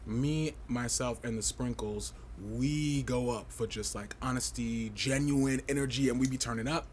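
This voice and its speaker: A man in a mid-range voice hosts a casual livestream chat. He is campy and playful, swooping up and down in pitch. He is sassy and outspoken, with a faint hum of noise behind him. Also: normal speed. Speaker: livestream host of a fashion review show.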